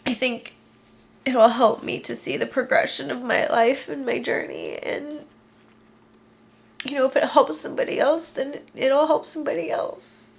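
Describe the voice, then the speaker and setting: Young woman vlogger, tearful, soft-spoken, slow with a creaky fry. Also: high-pitched, very animated. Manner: soft, halting and reflective, with many pauses and fillers. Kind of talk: emotional personal vlog. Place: apartment bedroom, indoors.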